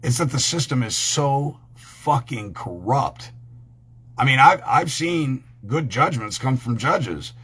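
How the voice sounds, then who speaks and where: Brief: profane male host, husky voice, pitch swings wide, rambling and heated. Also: animated, slow pace, a bit bright. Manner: rambling, crude, heated and emphatic. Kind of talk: profane ranting talk.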